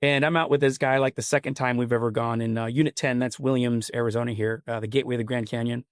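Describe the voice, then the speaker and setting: A man's voice: medium pitch, steady tone, fast, no room sound, clean studio sound. A man, a podcast guest, telling a long personal story in a casual, rambling and earnest way. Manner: rambling, earnest, full of "like" and "you know". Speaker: podcast guest, company CEO.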